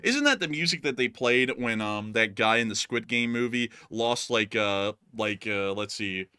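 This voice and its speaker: A man's voice: mid-range voice, expressive, normal speed, sharp tone, clear, resonant tone, no room sound, studio quality. A man hosting a casual war news show, rambling and joking with many fillers. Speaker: host.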